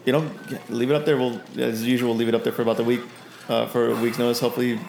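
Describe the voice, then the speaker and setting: A man's voice: medium pitch, flat delivery, rapid-fire, gravelly, darkish tone, roomy sound, a little hiss or hum, natural voice. A man voicing a chipper young male guild receptionist in a tabletop game. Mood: helpful.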